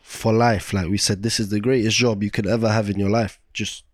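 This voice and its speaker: A man's voice: lowish voice, level tone, fairly quick, dry recording, clean studio sound. A young man in his twenties with a London accent, co-hosting a casual podcast and chiming in with teasing remarks. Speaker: podcast co-host. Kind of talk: casual chat.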